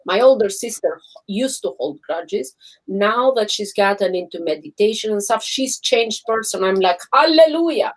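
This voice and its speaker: A woman co-hosting a casual live chat, animated and insistent, laughing often. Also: mid-range voice, moderate pace. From not British, lives in London area. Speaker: co-host.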